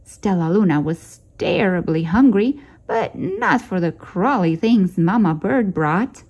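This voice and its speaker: A woman hosting a storytime channel, reading a children's picture book aloud in a gentle, expressive way. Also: medium pitch, a little slow, breathy edge, highs cut off. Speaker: storytime host.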